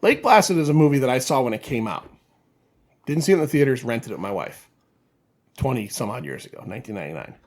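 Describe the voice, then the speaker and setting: A man guesting on a podcast, swearing freely as he gushes about movies. His voice is at an ordinary middle pitch. The talk is loose and conversational. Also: darkish tone. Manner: profane, enthusiastic opinions. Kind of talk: casual chat.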